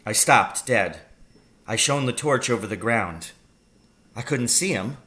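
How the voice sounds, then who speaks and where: A man reads a children's novel aloud with slow, deliberate storytelling. His voice is bright, and his pitch sits in the middle range. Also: lively intonation. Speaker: reader.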